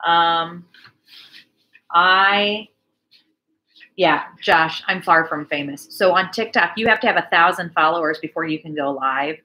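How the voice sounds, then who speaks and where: A woman in her forties hosts a casual church livestream chat, reading viewer comments and chatting in an animated way. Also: fairly low pitch, unhurried, long pauses.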